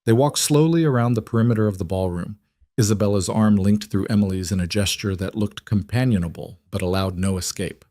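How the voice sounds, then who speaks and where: Low-voiced man narrating a romance story. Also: brisk, mellow, dry recording, studio quality.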